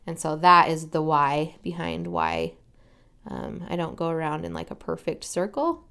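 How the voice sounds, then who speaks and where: A young woman chatting casually while she paints, soft-spoken and often slipping into a whisper as she works. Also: deep voice, sing-song, unhurried, vocal fry. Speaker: watercolor crafting vlogger.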